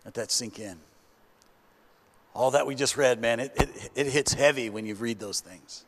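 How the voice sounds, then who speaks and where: A man preaching a sermon as pastor, earnest and slow, dropping to hushed tones when he reads scripture. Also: medium pitch. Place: church sanctuary. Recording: long church hall reverb.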